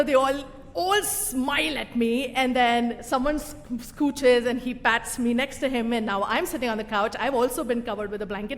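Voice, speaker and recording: A young woman with a fairly high voice tells a personal story live on stage, animated and self-mocking in a loose, conversational way. Her voice rings through a reverberant hall, with a faint hum of room ambience behind it. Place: stage in a venue with a live audience.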